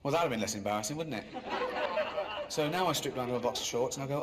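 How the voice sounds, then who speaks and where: A man doing stand-up in a dry, self-mocking way that jumps into high, exasperated squeals. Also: lively intonation, fast talker. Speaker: stand-up comedian. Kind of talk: stand-up routine. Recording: live comedy club with crowd laughter. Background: audience laughing.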